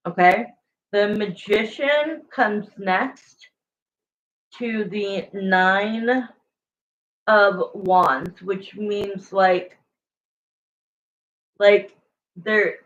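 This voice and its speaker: A woman gives a tarot reading in an unhurried, meandering way, leaning on "like" and "you know" as she talks. Her voice sits at an ordinary pitch, and the recording sounds a little dull and lo-fi. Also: slight background noise. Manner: rambling, full of "like" and "you know". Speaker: tarot reader. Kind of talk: casual spoken tarot reading.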